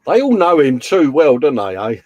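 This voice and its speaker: A man's voice: medium pitch, very animated, normal speed, darkish tone, lo-fi sound. A man hosting a casual livestream, chatting and reading out comments in a jokey, rambling way. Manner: chatty, jokey, lots of "uh" and "mate". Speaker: livestream host.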